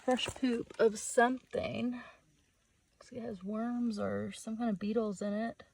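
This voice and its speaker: A woman's voice: on the high side, steady tone, gravelly, a little mellow, a little hiss or hum, poor audio. Woman hiker vlogger, out of breath, chatty rambling talk, outdoor trail, handheld camera. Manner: chatty, rambling, quick to laugh. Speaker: vlogger hiking solo. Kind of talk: casual vlog monologue.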